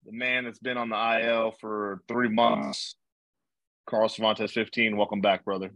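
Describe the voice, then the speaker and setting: A man's voice: fairly low pitch, level tone, unhurried, a bit bright, no room sound, rough recording. A young man hosting a casual podcast, telling rambling stories with lots of fillers and swearing. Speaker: podcast host. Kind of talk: casual chat.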